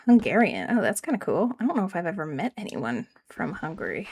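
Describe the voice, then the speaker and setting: A woman's voice: lowish voice, very animated, a little fast, a little mellow, slight background noise. A woman from Canada with a regional Canadian accent, chatting casually with her live-stream audience while building in a game, rambling and self-deprecating.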